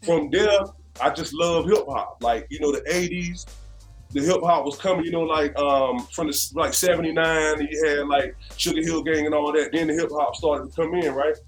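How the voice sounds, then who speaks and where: A man from North Carolina, a guest musician telling stories in a casual interview, animated and conversational. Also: on the high side, moderate pace, faint music behind. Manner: animated, conversational, leans on "you know what I'm saying".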